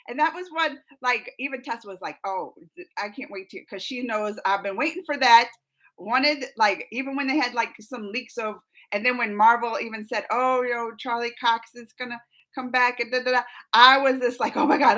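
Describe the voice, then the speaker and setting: At a moderate pace and in a higher-leaning voice, a young woman runs a live stream, chatting easily with viewers. She reads out comments, laughs frequently and bubbles over with excitement.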